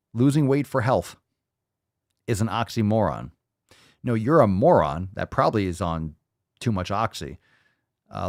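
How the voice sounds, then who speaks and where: A man's voice: fairly low pitch, a little mellow, no echo, studio quality. Sarcastic, profane male podcast host. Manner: sarcastic, mocking, blunt. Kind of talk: profane ranting commentary.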